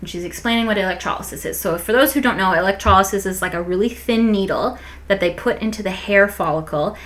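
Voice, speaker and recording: A young adult woman co-hosting a casual podcast chat, telling an animated story, swearing freely and tacking on "and whatnot". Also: medium pitch, quick pace. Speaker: podcast co-host.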